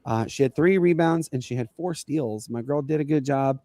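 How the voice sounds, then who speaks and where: A man hosting a casual sports podcast over a video call, telling stories excitedly with big swings in loudness. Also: mid-range voice, normal speed, no room sound. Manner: excitable, storytelling, rising and falling loudly. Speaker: podcast host and youth basketball coach.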